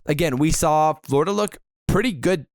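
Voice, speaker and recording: A man's voice: fairly high pitch, normal speed, no echo, clean studio sound. A man hosting a casual esports podcast, upbeat and joking with his co-hosts. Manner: upbeat, joking, laughs often. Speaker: podcast host.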